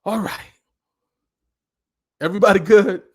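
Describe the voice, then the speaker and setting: A man giving a passionate live motivational talk as a life coach, with a preaching cadence that at times turns loud. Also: high voice, unhurried, breathy edge.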